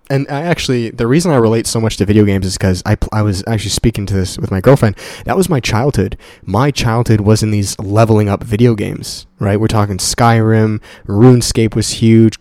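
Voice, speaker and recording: Young male podcast host. Earnest, swears a lot, repeats himself for emphasis. Lowish voice, dry close sound. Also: normal speed, a little mellow, dry recording. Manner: speaks straight to listeners as "guys". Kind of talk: casual motivational solo podcast talk. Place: at home in a condo.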